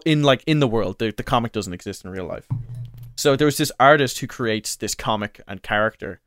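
A man's voice: on the low side, a bit bright, clear, resonant tone, no echo, studio quality. A man co-hosting a casual podcast, rambling through a story with lots of fillers and restarts. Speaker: podcast co-host. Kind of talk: casual chat.

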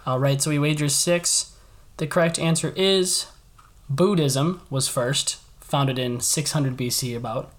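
A man hosting a casual trivia game, reading out each question slowly and repeating it. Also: fairly high pitch, fairly even intonation. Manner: reads questions twice, slowly and deliberately.

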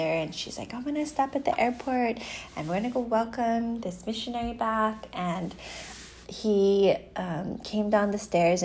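A woman's voice: lowish voice, slight background noise. Giggly woman chatting into a phone. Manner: giggly, animated storytelling with put-on quoted voices. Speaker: podcast co-host. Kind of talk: casual chat. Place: home in Hawaii.

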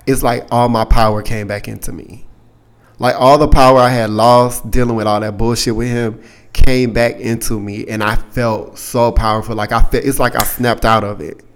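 A young adult man hosting a podcast, telling a personal story in a candid, profane, casual way and getting animated when he quotes other people. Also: mid-range voice, normal speed. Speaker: podcast host.

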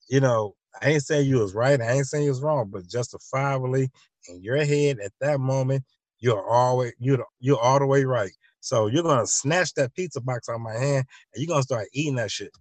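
A man's voice: medium pitch, no room sound. A man hosting a show, telling a loose, repetitive comic monologue and acting out both sides of imagined conversations. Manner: loose, repetitive storytelling with many restarts. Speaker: show host.

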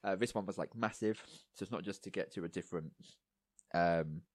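A man co-hosting a casual podcast chat, rambling with lots of fillers and going a little hoarse. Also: low voice, a little fast, no room sound. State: losing his voice, coughing. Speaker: podcast co-host.

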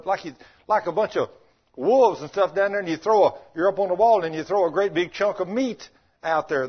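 A folksy male preacher with a high, husky voice who keeps turning to his listeners with questions. The recording is dull and lo-fi. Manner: folksy, conversational, asks the congregation questions. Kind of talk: sermon.

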